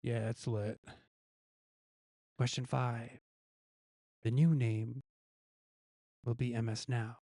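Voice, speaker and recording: A man's voice: medium pitch, flat delivery, slow, vocal fry, pauses often, dark tone, no room sound, studio quality. A male host casually reading out news quiz questions, guessing the answers himself and chuckling at his own gag options.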